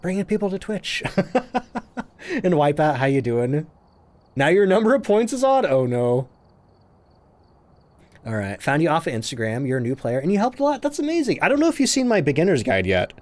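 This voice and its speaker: Lively excitable male game streamer. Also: fairly high pitch, moderate pace, long pauses. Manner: chatty and excitable, thanking viewers. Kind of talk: live gameplay commentary.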